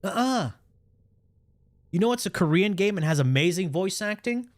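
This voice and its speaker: A man livestreaming and reacting in a casual chat, animated and profane, with his pitch swinging up and down. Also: normal speed, no room sound.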